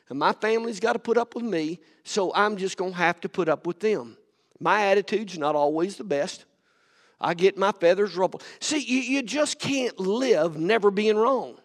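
A male pastor preaching a sermon, rising to near-shouts and repeating his words as he presses his point. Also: high-pitched. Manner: repeats and stumbles over words. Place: church sanctuary. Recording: long hall reverb from a sanctuary.

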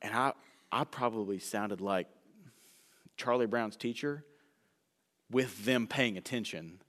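A man preaching a sermon in a church sanctuary, a self-described fast talker who slows down for emphasis and swings from loud bursts to hushed asides. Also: on the low side. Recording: echoey church hall reverb.

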